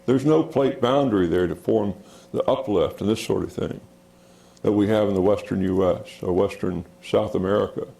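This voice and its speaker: Gravelly-voiced guy lecturing on rocks in a hall, low mellow tone, lots of uhs, echoey room. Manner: halting, many fillers, says "next" for each slide. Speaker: geology lecturer. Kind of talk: public lecture with slides.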